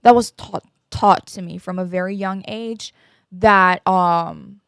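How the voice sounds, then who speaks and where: A woman's voice: on the low side, takes it slowly, gravelly, clean tone, no room sound, clean studio sound. A woman in her twenties hosting a podcast, talking candidly and emotionally about her own life in a rambling way with many fillers. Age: 20s. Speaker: podcast host. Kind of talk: candid personal chat.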